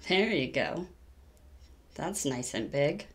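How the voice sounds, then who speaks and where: A woman's voice: sits low, expressive, slow. Chatty woman on a stitching vlog. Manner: chatty and rambling, with frequent self-corrections and laughter. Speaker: cross-stitch vlogger. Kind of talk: casual crafting vlog chat.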